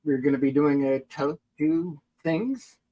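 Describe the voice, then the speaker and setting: Laid back guy co-hosting a chat show, lots of ums, kinda higher voice. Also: a little slow, dark tone, muffled recording. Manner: easygoing, hesitant with fillers. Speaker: podcast co-host. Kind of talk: casual chat.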